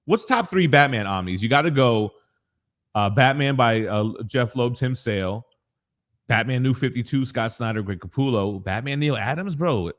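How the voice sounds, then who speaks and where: A man's voice: mid-range voice, animated, moderate pace. A man in his forties co-hosting a casual live show from his home basement, talking in slang and swearing freely as he reads chat messages. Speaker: co-host of a collectibles morning show.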